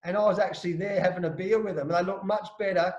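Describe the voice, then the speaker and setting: A middle-aged Australian man, a former cricketer, telling animated stories with restarts in a casual interview. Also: sits high, fast, reverberant, dull audio. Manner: animated anecdotes with frequent restarts and laughs.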